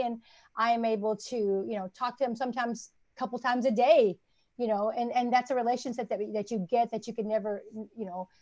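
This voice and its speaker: An older woman speaks as a guest in a relaxed conversation, earnest and rambling with many fillers. Her voice sits a bit high, recorded close and dry. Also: no room sound, highs cut off. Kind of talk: casual chat.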